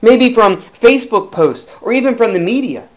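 A man preaching a sermon as pastor, earnest, dropping to hushed tones and rising to emphatic bursts. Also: very high voice, animated, normal speed, poor audio.

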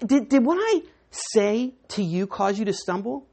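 A woman's voice: mid-range voice, big pitch swings, unhurried, a little mellow. A woman preaching a sermon in church, teaching in a conversational way and putting questions to the congregation.

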